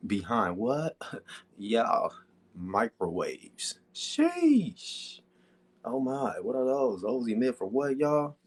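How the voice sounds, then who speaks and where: A man's voice: lowish voice, slow, slightly rough. A man hosting a casual livestream, answering viewer comments in a laid-back, slangy way with lots of filler questions to his audience. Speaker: livestream host.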